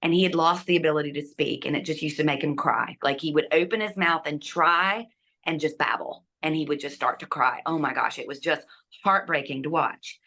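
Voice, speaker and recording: A middle-aged woman, a guest telling a personal story with lively delivery and hushed asides. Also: low-pitched, a little fast. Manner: animated, acts out quotes, drops to hushed asides.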